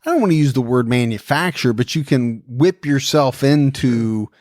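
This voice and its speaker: A man's voice: mid-range voice, expressive, normal speed, a little mellow, dry recording, studio quality. A man co-hosting a podcast, chatting in an easygoing way. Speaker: podcast co-host. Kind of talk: casual chat.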